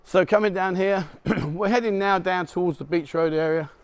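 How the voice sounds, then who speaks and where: Here a middle-aged vlogger talks with a smooth, high-sitting voice at a moderate pace. He's out walking a city street at dawn, chatty and joking and chuckling at himself, recorded handheld for a walk-and-talk street vlog.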